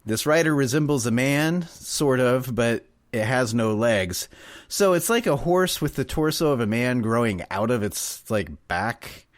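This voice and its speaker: A man's voice: medium pitch, expressive, measured pace, few pauses, no room sound. Podcast co-host, male, rambly and giggly, dead-dry close mic. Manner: rambling, laughs often, trails off. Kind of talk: casual chat.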